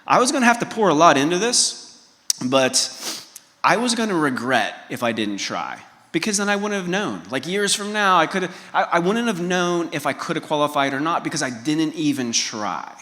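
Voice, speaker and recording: A man's voice: a little high, sing-song, normal speed, sharp tone, in a large hall. A man giving a motivational keynote, telling a personal story and asking the audience direct questions. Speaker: keynote speaker. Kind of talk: motivational talk.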